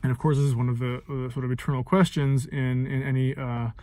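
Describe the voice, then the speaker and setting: A man's voice: mid-range voice, flat delivery, fairly quick, warm tone, dry recording. A man giving an informal lesson on setting text to music, thinking aloud with many fillers and singing short phrases to illustrate. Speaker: music teacher and composer.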